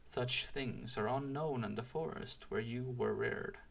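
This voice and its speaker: A man reading as a calm, wise old woodsman. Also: mid-range voice, gravelly. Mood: gently instructive. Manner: measured, gentle teaching tone. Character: wise ageless male master woodsman, calm.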